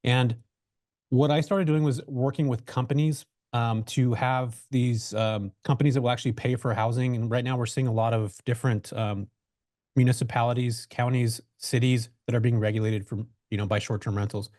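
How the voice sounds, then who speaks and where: A man's voice: mid-range voice, steady tone, moderate pace, a little mellow, no echo, studio quality. A man guest on a webinar interview, telling his story in a loose, conversational way with lots of fillers and restarts, over a video call mic. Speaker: real estate investor guest.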